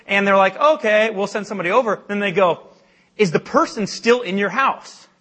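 Young male speaker for a campus ministry talk; high, bright voice, self-deprecating, animated, filler-heavy storytelling. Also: normal speed, slightly rough. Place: church meeting hall.

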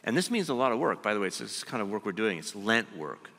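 A man preaching a sermon, emphatic and deliberate, slowing down to stress his key phrases. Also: fairly low pitch, big pitch swings, creaky, bright, forceful tone. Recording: long hall reverb.

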